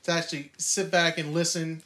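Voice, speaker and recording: Higher-voiced man, eager stammering chat. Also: a little fast. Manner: stammering restarts, animated, quotes himself. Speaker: podcast co-host, music producer. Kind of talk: casual chat. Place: recording studio.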